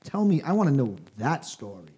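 A man's voice: medium pitch, very animated, brisk, dark tone, husky. Blunt, cursing man on a podcast. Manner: complaining, profane, blunt. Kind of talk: crude casual chat.

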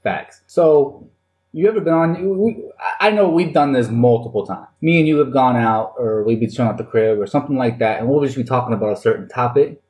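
Rich: a male podcast co-host in a studio, playfully ranting in loose slang. He stumbles over quick restarts as he builds his point, at a middling male pitch. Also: darkish tone, poor audio. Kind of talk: casual studio banter.

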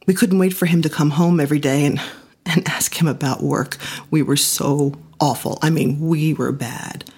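A woman's voice: low-pitched, steady tone, moderate pace, a little mellow, husky. A woman giving a reflective first-person storytelling performance with an intimate, personal delivery.

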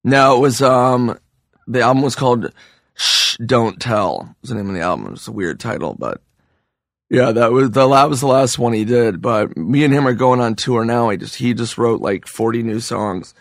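A man's voice: mid-range voice, expressive, normal speed, vocal fry, dry recording, clean studio sound. A hungover man, a comedian guest, telling loose, profane stories in a casual podcast interview. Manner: loose, profane storytelling with restarts.

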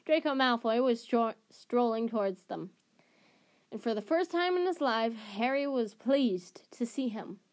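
A woman's voice: a little high, lively intonation, measured pace. A woman reading a novel aloud chapter by chapter, often stumbling and correcting herself mid-phrase. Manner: restarts and self-corrections. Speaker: storybook reader.

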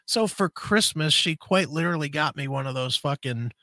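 A co-host with a bright, forceful voice, pitched a little high for a man, rambles through a story in casual chat at a moderate pace. He curses constantly and works himself up as he goes, a profane and animated storyteller. The mic is close and dry, with no room sound.

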